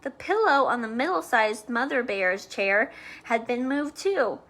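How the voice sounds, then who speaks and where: A woman reading a storybook aloud to children, with playful chatty asides and soft whispers. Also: on the high side, animated, measured pace.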